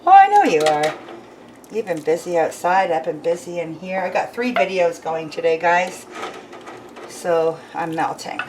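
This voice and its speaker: A woman's voice: on the low side, expressive, a little slow, darkish tone, slight background noise, poor audio. A woman vlogging from her home kitchen, chatting casually with her husband and the viewers and laughing often. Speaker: homestead vlogger.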